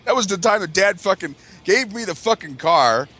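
A man's voice: sits high, lively intonation, moderate pace, bright, forceful tone, slightly rough. A man from the US Midwest telling a crude, exaggerated story for laughs among friends. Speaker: podcast regular.

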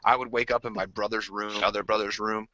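Bright-voiced man telling wild stories. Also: on the low side, quick pace, no room sound. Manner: animated, acts out screams and voices in his stories; swears freely, restarts sentences. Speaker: podcast co-host. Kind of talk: casual storytelling among friends. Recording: dry, dull lo-fi podcast audio.

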